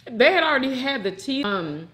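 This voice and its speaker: Lady hosting an eating show, bright voice, gushing to the viewers. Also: high voice, a little fast. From United States. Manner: animated and effusive, talks straight to viewers as "y'all". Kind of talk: casual eating-show chat.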